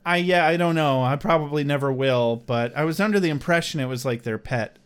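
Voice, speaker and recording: This man has a notably high voice and talks in a relaxed, chatty way. He co-hosts a podcast that recaps TV shows. He tells his stories with energy and laughs often between lines. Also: a little fast, clean tone. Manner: animated storyteller, laughs often, acts out quoted voices. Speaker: podcast co-host. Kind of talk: casual chat recapping a TV episode.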